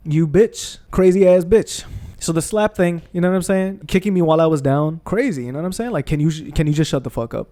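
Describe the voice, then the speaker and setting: Gaming vlogger, young man, somewhat high voice, profane heated rant. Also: brisk, mellow. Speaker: gaming video creator. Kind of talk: casual rant while playing a video game.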